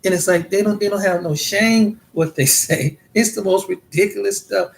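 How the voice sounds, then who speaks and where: An American man rambles through a casual monologue about his experiences, repeating words as he goes, in the manner of a vlogger. His voice sits high with some vocal fry, moves at a normal pace, and carries a slight hiss or hum.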